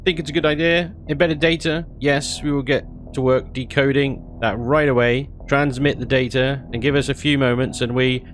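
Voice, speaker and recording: A man's voice: medium pitch, fairly even intonation, moderate pace, few pauses, a little hiss or hum, pitched above the performer's own voice, close to an everyday voice. A man voicing a pompous alien commander who pretends to be a human admiral, speaking in a stiff, overly formal way. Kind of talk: reading in-game dialogue aloud in a voice.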